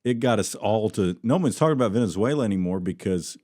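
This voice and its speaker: A man hosting a podcast with a low voice, talking loosely and laughing often. His sentences ramble and trail off. The sound is dry and close. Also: animated, quick pace, darkish tone, no echo. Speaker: podcast host. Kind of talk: casual chat.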